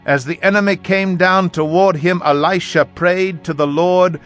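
A man reading scripture aloud in a measured, even voice. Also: sits high. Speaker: Bible reader. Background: faint background music.

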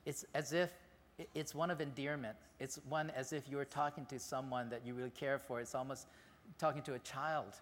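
A man pastor giving a conversational, animated sermon in a church sanctuary. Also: mid-range voice, a little fast, big-room sound.

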